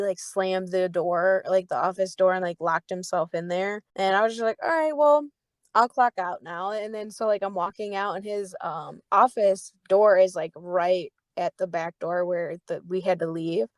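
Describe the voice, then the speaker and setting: Profane, animated young woman podcaster. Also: fairly low pitch, normal speed, hardly any pauses, no room sound. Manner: animated, profane, full of "like" fillers. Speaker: podcast co-host. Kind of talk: casual storytelling chat.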